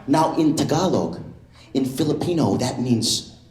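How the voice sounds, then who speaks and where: A man doing a stand-up comedy set in a comedy club, animated and jumping into loud impressions. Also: medium pitch, unhurried, roomy sound.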